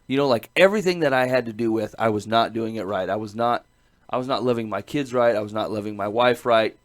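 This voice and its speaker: A man's voice: lowish voice, fast talker. A middle-aged man, a podcast host, telling a personal story in casual chat, earnest and rambling, laughing often between phrases.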